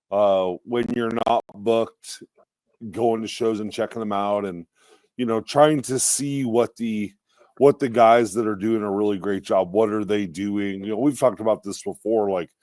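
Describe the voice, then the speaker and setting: A man's voice: lowish voice, measured pace, darkish tone, dry recording. A man with an American accent co-hosting a wrestling podcast, speaking in an easygoing, reflective way. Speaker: podcast co-host. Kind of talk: casual chat.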